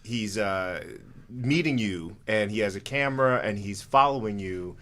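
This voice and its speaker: A man's voice: fairly low pitch, a little slow, a bit bright. A man hosting a podcast interview, steering the talk back on track with a string of questions. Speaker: podcast host.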